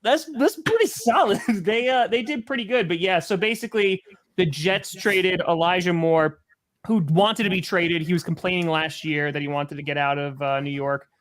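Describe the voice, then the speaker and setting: A man on a video call as a guest, talking sports casually in a rambling, halting way. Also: high voice, a bit bright. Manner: rambling, halting, laughs mid-sentence. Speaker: guest panelist.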